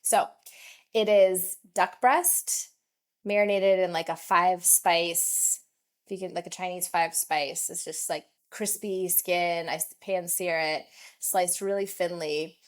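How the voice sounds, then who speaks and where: A woman co-hosting a podcast, chatting casually and telling stories in an animated, talkative way. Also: fairly low pitch, slow pace. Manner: chatty, animated storytelling with laughs. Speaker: podcast co-host. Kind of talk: casual chat.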